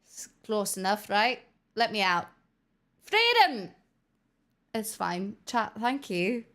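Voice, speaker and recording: A woman's voice: medium pitch, unhurried, a bit bright. A woman streamer chatting casually with her viewers, swearing freely and hopping between put-on regional accents. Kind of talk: casual livestream chat.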